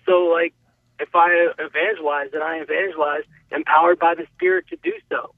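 A man's voice: fairly high pitch, very animated, fairly quick, vocal fry, no echo. A man calling in to a radio show, explaining his view earnestly over a tinny phone line. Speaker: caller. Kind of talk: radio call-in talk.

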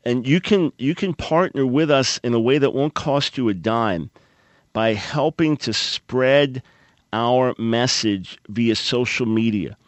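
A man's voice: mid-range voice, slow, dry recording. Earnest male radio host, dry studio sound. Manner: earnest, fervent preacher's delivery. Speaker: radio talk show host. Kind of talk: Christian call-in radio talk. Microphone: studio microphone.

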